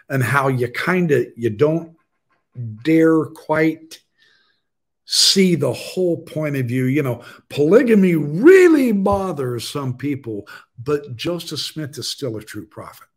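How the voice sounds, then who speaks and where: A man's voice: medium pitch, breathy edge. A man hosting a live-streamed podcast, chatting casually and joking with his guest. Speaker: podcast host.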